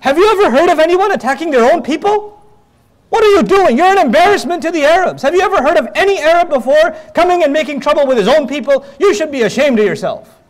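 A man voicing a brash, scornful male tribal envoy who scolds and mocks loudly. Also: very high voice, sing-song, normal speed. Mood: scolding. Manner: loud scolding, mocking.

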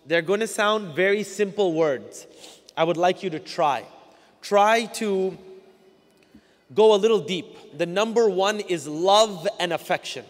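High-voiced man preaching in an echoing hall. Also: a little slow. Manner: earnest, conversational and direct. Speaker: guest speaker at a Muslim community talk. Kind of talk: religious talk to a live audience. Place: large hall with a stage. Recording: long hall reverb.

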